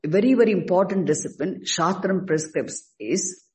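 A man teaching a scripture class, speaking haltingly and stressing key words slowly. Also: sits high, lively intonation, a little mellow, rough recording. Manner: halting, restarts words, slow emphatic stresses. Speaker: Vedanta teacher.

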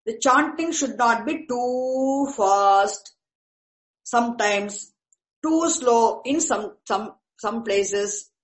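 Slow, patient woman teacher. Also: a little high, poor audio. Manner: patient, repeats and restarts while explaining terms. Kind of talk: lecture on Vedic chanting.

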